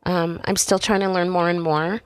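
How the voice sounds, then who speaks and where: A middle-aged woman from Canada, a podcast guest sharing a personal faith story in animated conversation. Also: lowish voice, moderate pace, no room sound. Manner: animated storytelling, acting out voices in quotes.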